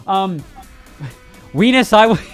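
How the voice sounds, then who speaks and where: Give me a joking male stream host with a slightly high voice. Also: expressive, takes it slowly, clean tone, faint music behind. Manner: joking, talks straight to chat, laughs often. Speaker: host of a gaming news stream. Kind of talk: casual live-stream chat.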